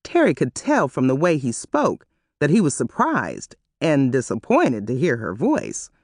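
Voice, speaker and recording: A woman narrating an audiobook in an expressive, animated reading style on a close mic. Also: extremely low pitch, a little slow, no room sound.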